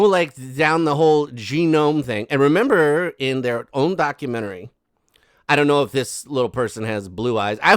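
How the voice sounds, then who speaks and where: A man's voice: medium pitch, no room sound, clean studio sound. A man giving casual gossip commentary, rambling and sarcastic with many fillers and asides. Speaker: commentary host.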